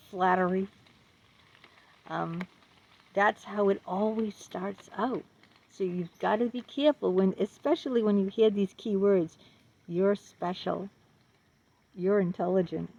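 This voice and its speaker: A woman speaks earnestly about her own experience, often repeating words and asking the listener questions. Her voice has a gravelly edge, and the recording sounds dull and lo-fi. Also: mid-range voice, a little mellow. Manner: laughs nervously between phrases. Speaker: vlogger sharing her experience. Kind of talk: personal testimony to camera. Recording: dull lo-fi audio.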